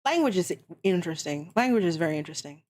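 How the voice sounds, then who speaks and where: A woman's voice: fairly low pitch, expressive, fast talker, darkish tone. A woman streaming, chatting casually and ranting with heavy swearing. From Canada. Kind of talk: casual chat.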